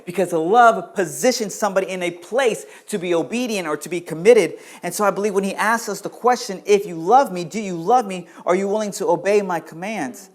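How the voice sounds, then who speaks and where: A man preaching to his congregation, his voice sitting a little high for a man. He swings between loud, urgent questions and low, quiet stretches. He calls out to listeners by name as he goes. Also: fast talker, hardly any pauses. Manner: addresses congregation members by name. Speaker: pastor. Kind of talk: sermon.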